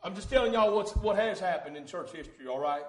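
A man preaching a fervent sermon in a church, swinging from hushed tones to loud shouting and calling out "hey, listen.". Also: high-pitched, lively intonation, quick pace. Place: church sanctuary. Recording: echoey church room.

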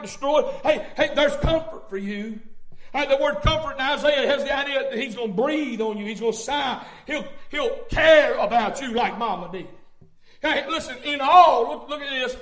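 A man preaching a fervent sermon in a church, swinging from hushed tones to loud shouting and calling out "hey, listen.". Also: very high-pitched. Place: church sanctuary. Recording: echoey church room.

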